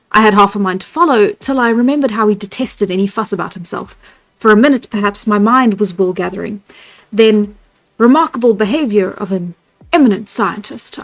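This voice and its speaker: Woman reading a classic novel aloud. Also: mid-range voice. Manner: laughs at her own voice choices in asides. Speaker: storyteller streamer. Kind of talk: live read-aloud of a novel. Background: soft background music.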